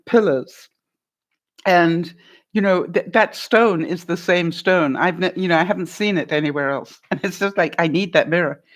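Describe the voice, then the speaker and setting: Chatty laughing woman vlogger. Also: lowish voice. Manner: chatty, laughs often, addresses viewers by name. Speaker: vlogger answering live chat. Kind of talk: casual live-stream chat. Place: home.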